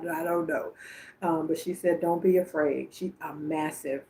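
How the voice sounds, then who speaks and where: A woman's voice: deep voice, normal speed, darkish tone. A woman reading messages for viewers on a livestream, chatting and calling them by name. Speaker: psychic medium on a livestream.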